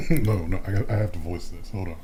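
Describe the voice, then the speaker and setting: A man's voice: low-pitched, moderate pace, noisy background. A man co-hosting a casual podcast chat, telling a story in a playful, teasing way. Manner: playful, animated storyteller who teases. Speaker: podcast co-host.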